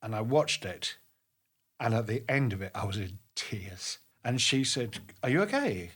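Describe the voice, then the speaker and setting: Animated, emphatic man in his fifties. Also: fairly low pitch, unhurried, slightly rough. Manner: animated, emphatic, chatty with many restarts. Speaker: drama tutor and guest. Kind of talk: casual interview storytelling.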